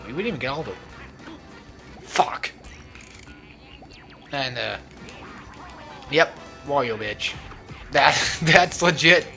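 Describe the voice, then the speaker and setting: A young man rambles through casual gaming commentary at home, joking and laughing as he wanders off topic. His voice is bright and a little tense, and his pitch jumps around a lot. Faint game music plays behind him. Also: lively intonation, slow pace, vocal fry, pauses often. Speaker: let's play host. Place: at home, not alone.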